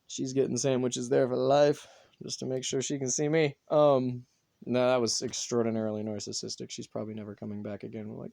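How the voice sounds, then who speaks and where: A man from North Carolina talking casually to his phone in a rambling monologue, swearing often and filling pauses with ums and uhs. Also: mid-range voice, creaky, mellow. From North Carolina, USA. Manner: swears a lot, rambling with many fillers. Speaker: vlogger.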